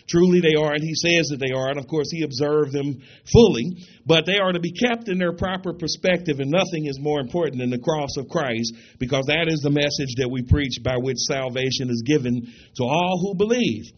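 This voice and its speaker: Emphatic preacher man, lo-fi sound. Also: fairly high pitch. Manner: emphatic, rhetorical questions, reads scripture slowly. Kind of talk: sermon. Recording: dull lo-fi recording.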